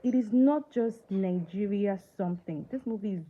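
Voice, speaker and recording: A woman chats casually on a live stream about a film she watched, often turning to her viewers with questions and filling pauses with ums. Her voice sits at a middle pitch. The sound is thin and tinny like a phone line, with a faint hiss underneath. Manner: chatty, asks viewers questions, many fillers. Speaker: livestream movie reviewer. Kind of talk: casual live movie chat.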